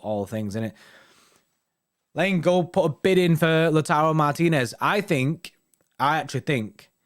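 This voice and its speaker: A young man with a mid-range voice hosts a football fan live stream. His casual chat with viewers is full of slang and tags like "innit" and "you know what I mean".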